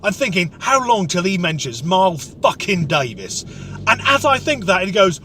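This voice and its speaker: A man's voice: high voice, very animated, moderate pace, pushed and bright, a little hiss or hum. A man telling a comic rant story, sweary, sarcastic and exasperated. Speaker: comedic vlogger.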